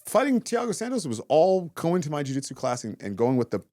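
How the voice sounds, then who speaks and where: A man in his thirties talks quickly, his pitch leaping up and down as he tells stories. He acts out what people said to him and swears casually. The sound is dry and close. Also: dry recording. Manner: animated storytelling, acts out quotes, swears often. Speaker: guest, former fighter turned comedian. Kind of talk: casual interview chat.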